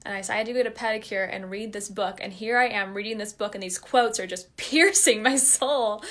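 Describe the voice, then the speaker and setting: A woman's voice: medium pitch, fairly quick, a bit bright. A woman talking casually and earnestly to her viewers, chatty and emphatic, at times openly emotional. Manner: gets openly emotional and laughs while talking. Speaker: online empath coach and group leader. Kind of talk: casual direct-to-camera talk to viewers.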